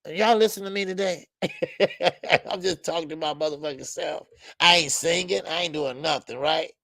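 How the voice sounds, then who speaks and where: A man's voice: on the high side, moderate pace, creaky, bright, forceful tone, no room sound, clean studio sound. A man hosting a casual boxing livestream, chatting animatedly, laughing a lot and greeting his chat in profane slang. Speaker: boxing show host.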